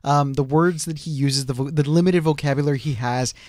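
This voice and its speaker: A man who is a guest on a talk show panel, giving animated, exasperated commentary. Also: fairly high pitch, a little fast, dry recording, studio quality.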